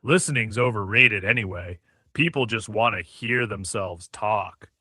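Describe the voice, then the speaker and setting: A man's voice: lowish voice, measured pace, sharp tone, breathy edge, dry recording, clean studio sound. A male AI chatbot voice, dismissive and crude, brushing everything off. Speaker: AI chatbot panelist. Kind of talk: casual chat.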